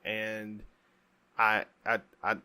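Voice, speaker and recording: Low-voiced man rambling on a podcast. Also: monotone, pushed and bright, clear, resonant tone. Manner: rambling, halting with many restarts. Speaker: podcast co-host. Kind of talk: casual chat. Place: home, during a thunderstorm.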